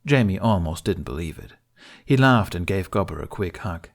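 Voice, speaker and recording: Low-voiced man narrating a story. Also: a little fast, vocal fry. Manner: steady, emotional storytelling. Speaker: fan fiction narrator. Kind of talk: audiobook narration.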